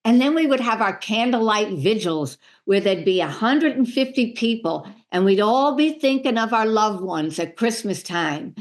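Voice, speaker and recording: A middle-aged woman, a medium, telling lively stories in a podcast interview and acting out the voices of the people in them. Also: on the high side, moderate pace, hardly any pauses. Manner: animated, acts out voices in her stories. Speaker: medium and spiritual healer, guest.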